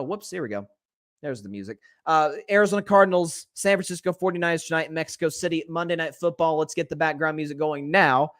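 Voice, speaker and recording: A man's voice: fairly high pitch, bright, forceful tone, no echo, clean studio sound. Chatty sports podcast host, man. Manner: conversational, frequent restarts and stammers, opinionated predictions. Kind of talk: solo sports talk show.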